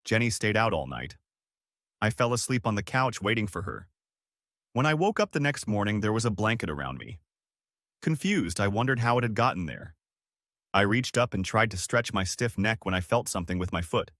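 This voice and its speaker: A man reads a first-person story aloud at a steady, measured pace. His voice sits low. The recording is dry, with no room sound. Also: dry recording. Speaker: audiobook narrator.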